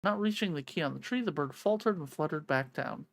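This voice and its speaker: A woman reading a visual novel aloud, an expressive reader who breaks off to swear and joke, on a close mic. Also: sits low, brisk, creaky. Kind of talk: reading a game's narration aloud with live reactions.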